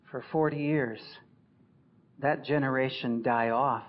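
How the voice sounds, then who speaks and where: Man, pastor, sermon, emphatic, slow delivery, dull lo-fi recording. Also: steady tone. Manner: emphatic, rising loud for scripture and dropping low and soft for reflection.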